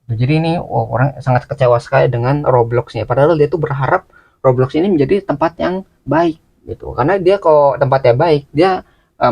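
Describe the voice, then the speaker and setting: Fast, gravelly male commentator. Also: mid-range voice, a little mellow. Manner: explanatory, full of fillers. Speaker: reaction video host. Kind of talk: casual commentary.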